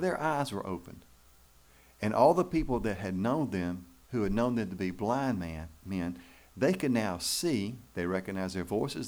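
A man's voice: on the low side, darkish tone. A man preaching a sermon in church, folksy and emphatic, with rhetorical questions to the congregation. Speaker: pastor.

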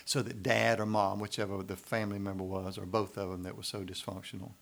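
A man's voice: fairly low pitch, flat delivery, fast talker, vocal fry, fairly bright tone. A man preaching a sermon, speaking in a folksy, conversational way and often asking the congregation "right?". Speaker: pastor.

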